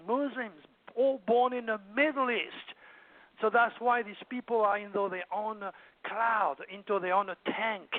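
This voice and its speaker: An older man from France with a French accent, speaking as an astrologer guest on a radio call-in show, lecturing emphatically and rambling with plenty of fillers. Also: high-pitched. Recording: dry, tinny phone line.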